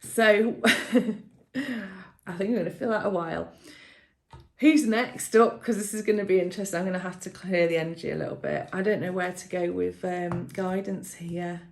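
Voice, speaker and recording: A woman giving a tarot reading to viewers in a casual, emotional way, often laughing softly and thinking aloud with fillers and restarts. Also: lowish voice, fairly even intonation, normal speed, creaky. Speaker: tarot reader.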